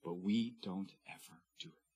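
A man in his thirties, a pastor preaching a sermon, reading scripture slowly and with emphasis. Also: low-pitched, mellow, slightly rough, faint music behind.

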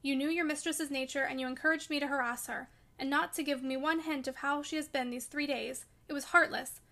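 Woman doing stern anxious gentleman, reproachful, high-pitched, story reading. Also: fairly even intonation, fairly quick. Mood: cold.

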